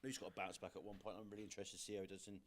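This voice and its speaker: A young man presenting a darts podcast, chatting casually and quickly going over results and upcoming fixtures. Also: deep voice, level tone, a crowd in the background. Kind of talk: casual sports podcast chat.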